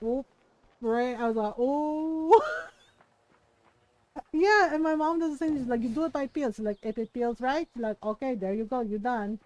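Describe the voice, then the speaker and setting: High-voiced chatty woman game streamer. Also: expressive, moderate pace, darkish tone, dull audio. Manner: chatty anecdotal storytelling, acts out family quotes. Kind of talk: casual live-stream chat while playing.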